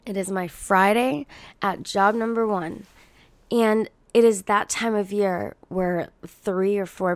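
A woman hosting a casual monologue podcast, blunt and profane, venting with sarcasm in a husky morning voice. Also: medium pitch, no room sound. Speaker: podcast host.

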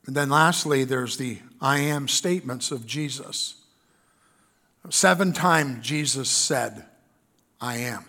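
A pastor with a Canadian accent preaching a sermon in an earnest way, reading scripture aloud with fillers. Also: male voice, mid-range voice, slow pace, sharp tone.

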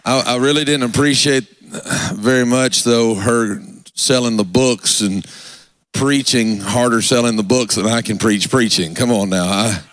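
A man's voice: medium pitch, measured pace, fairly bright tone, no room sound, a faint crowd. A man preaching a fervent revival sermon in a church, with call-and-response asides to the congregation. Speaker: pastor. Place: church sanctuary.

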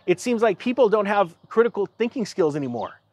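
Casual male vlogger, slightly high voice, rambling exasperated storytelling, dry close recording. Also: big pitch swings, brisk, darkish tone, no echo, highs cut off. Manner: rambling storyteller, acts out both sides of conversations; exasperated, self-interrupting restarts. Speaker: YouTube commentator. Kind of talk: casual anecdotal rant.

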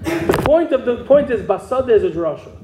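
A man's voice: extremely high pitch, sing-song, brisk. A man teaching a Talmud class, explaining step by step and asking his students questions. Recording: echoey room with noise.

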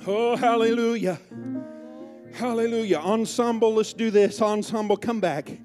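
A male pastor preaching a sermon at a church service, out of breath, shouting at the peaks and dropping to whispers. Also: high voice, fairly even intonation, unhurried, soft background music.

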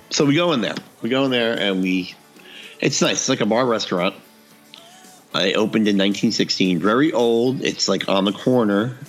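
A man casually telling a funny story on a podcast, acting out the dialogue and laughing often. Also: low-pitched.

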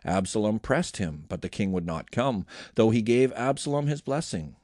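A man hosting a daily Bible reading, reading scripture aloud with expressive, animated delivery. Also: on the low side, moderate pace, dry recording, studio quality. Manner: expressive reading with lively voiced quotes.

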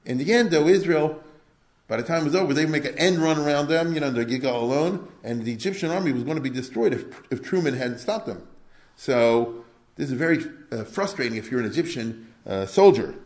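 An older man lecturing in a casual, conversational way, often checking in with his listeners through rhetorical questions. His voice sits at a middle pitch, and the recording carries a noticeable room echo. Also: animated, a little fast, darkish tone. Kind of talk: informal history lecture. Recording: echoey room.

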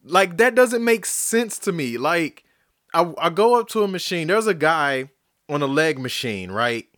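A man hosting a solo podcast, ranting angrily and profanely, swinging between shouting and muttering. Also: medium pitch, no room sound, clean studio sound. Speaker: podcast host.

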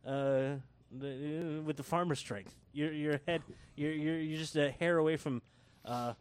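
A man's voice: fairly high pitch, steady tone, unhurried, clean tone. A man co-hosting a casual wrestling podcast, laughing often and slipping into playful voices as he talks. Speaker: podcast co-host.

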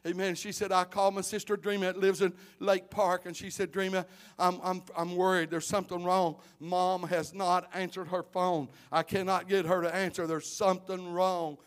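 High-voiced preaching man. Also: level tone, normal speed. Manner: builds from quiet storytelling to shouted preaching. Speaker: pastor. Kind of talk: sermon.

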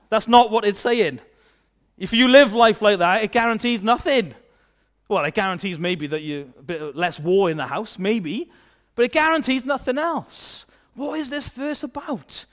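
A man preaching a children's sermon, asking the kids questions and acting out playful voices. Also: extremely high pitch. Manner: lively, asks children questions and acts out silly kid voices.

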